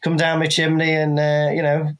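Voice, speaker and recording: A man from North Wales whose Welsh accent is softened by Manchester, an easygoing podcast guest in casual chat. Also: a little high, completely flat delivery, normal speed. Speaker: podcast guest, panto performer.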